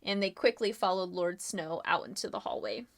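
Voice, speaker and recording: A woman's voice: on the low side, moderate pace. A woman running a live-streamed murder mystery game as game master, casual and giggly with lots of fillers.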